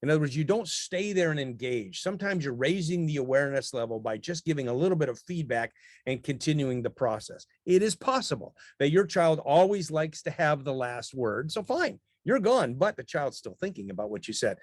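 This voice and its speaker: A man teaching parents in a webinar chat who laughs easily and quotes parents in a brisk voice. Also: medium pitch, expressive, dry recording, studio quality.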